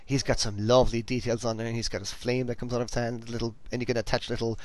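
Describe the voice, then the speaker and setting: A man hosts a podcast, chatting enthusiastically and casually while rambling and restarting often. His mid-range voice is level and darkish in tone, and he talks quickly.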